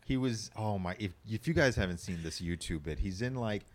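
A man co-hosting a casual, profane chat about films, animated and quick to act out quotes. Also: lowish voice. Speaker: podcast co-host.

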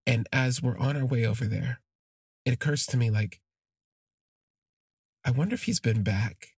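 A man's voice: medium pitch, moderate pace, darkish tone, husky, no echo, clean studio sound. A man hosting a podcast, telling a personal story in a rambling, heartfelt way with many fillers and restarts. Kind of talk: casual spoken storytelling.

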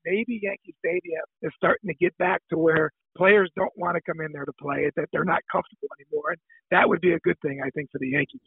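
A man's voice: fairly high pitch, steady tone, fast talker, husky, dry recording. A man calling in as a podcast guest, talking in a rambling way and repeating words as he thinks. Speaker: podcast guest, former ballplayer. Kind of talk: phone-in interview chat. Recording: tinny phone line.

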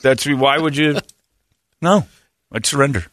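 A man's voice: medium pitch, measured pace, fairly bright tone, no room sound. A man hosting a morning radio show, wisecracking and laughing often as he jokes with his co-hosts. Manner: wisecracking, laughs often, slips into mock voices. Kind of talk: joking morning radio banter. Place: radio studio. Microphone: studio microphone.

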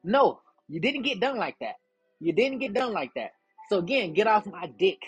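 Profane, defiant young man, husky voice. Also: high-pitched, sing-song, normal speed, dry recording, lo-fi sound, faint music behind. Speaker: podcast host. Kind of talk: casual rant to listeners.

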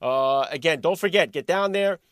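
A man hosting his own political podcast, talking in a high, animated voice that leans hard on sarcasm and rhetorical questions. The sound is close and dry, with no room around it. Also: moderate pace, no echo. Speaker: podcast host. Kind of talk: political commentary monologue.

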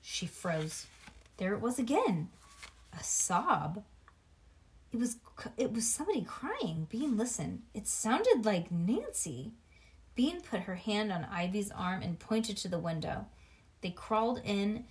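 Woman reading a kids' storybook aloud, animated, chatty asides. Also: mid-range voice, slow pace. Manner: animated, with asides to a child listener. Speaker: reader. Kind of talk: reading a children's book aloud.

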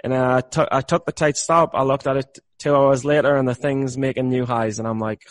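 A man's voice: medium pitch, no echo. A man talking candidly about his trading habits, rambling and repeating words, laughing at himself now and then. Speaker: trader.

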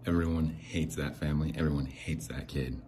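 A man hosting a podcast, ranting in exasperation, swearing and swinging between low mutters and sharp outbursts. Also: steady tone, a little fast, a little hiss or hum. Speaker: podcast host. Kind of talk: angry ranting monologue. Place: home near a window.

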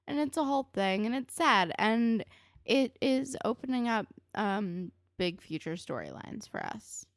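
A woman co-hosting a casual chat, recapping a TV episode in a chatty, filler-heavy way with animated retellings. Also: mid-range voice, normal speed, no room sound, studio quality. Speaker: podcast co-host recapping a TV episode.

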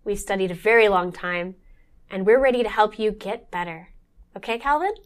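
A woman's voice: mid-range voice, normal speed, natural voice. A woman voicing an eerie female doctor in white robes who speaks with a strange, alien-like sweetness. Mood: soothing.

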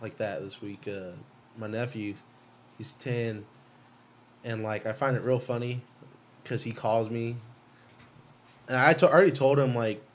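A man chats on a podcast in an easy, slangy way at a mid pitch. He ribs his friends and tells relaxed stories. Nothing about him is forced. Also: a little slow, long pauses, a little hiss or hum. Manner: laid-back, slangy, teasing. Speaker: podcast co-host. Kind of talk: casual chat.

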